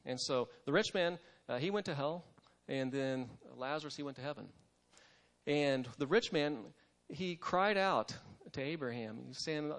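A man giving a conversational devotional sermon, with frequent fillers and restarts. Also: medium pitch.

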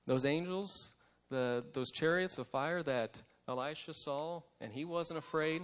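A man's voice: a little high, normal speed. A man giving a conversational devotional sermon, with frequent fillers and restarts.

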